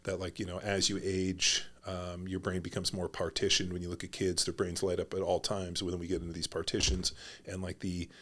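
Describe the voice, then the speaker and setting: A man's voice: deep voice, completely flat delivery, fairly quick, a bit bright. A man hosting a podcast in a casual, blunt and profane way, rambling through his thoughts. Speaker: podcast host.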